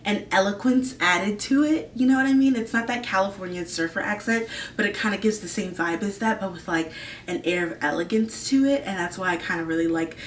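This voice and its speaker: A woman video host with a brisk, mid-range voice chats casually to camera, rambling with lots of fillers and gushing about things she likes. The recording sounds roomy, with the mic at a distance and slight background noise.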